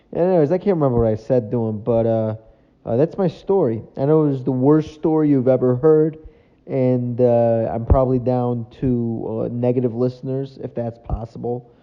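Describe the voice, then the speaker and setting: A man talks through a solo podcast from his apartment, rambling from one story to the next and poking fun at himself. His voice sits at an ordinary middle pitch. The recording is a bit muffled and lo-fi. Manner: rambling, self-mocking, loses his train of thought. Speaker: podcast host. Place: apartment room at home.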